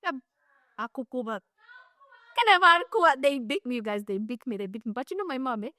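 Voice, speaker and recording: A young Ugandan woman co-hosting a podcast, telling a story in a casual, animated way and acting out the other people in it. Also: a little high, fast talker, no room sound, studio quality. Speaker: podcast co-host.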